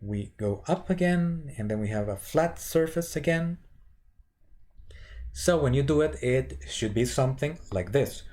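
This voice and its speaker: Male voice teacher, unhurried, hesitant delivery with restarts, warm low timbre. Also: expressive. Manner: slow, halting, with many fillers and restarts. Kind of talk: instructional lecture with vocal demonstrations.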